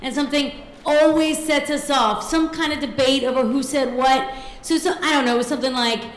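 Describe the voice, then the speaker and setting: A woman's voice: sits high, fairly even intonation, fairly quick, reverberant, low-quality recording. A woman in her thirties telling a true personal story on stage, comic and self-deprecating, acting out the voices of the people in it. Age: 30s.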